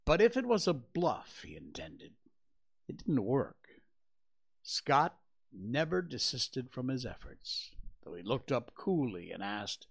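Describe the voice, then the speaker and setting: A man hosting a show, reading a classic adventure novel aloud in slow, measured narration. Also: on the low side, very animated, creaky, breathy edge.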